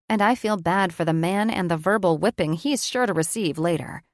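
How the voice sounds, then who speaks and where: A woman's voice: on the low side, no room sound. A woman reads a first-person audiobook in a reflective, conversational way, close to the mic. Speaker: audiobook narrator.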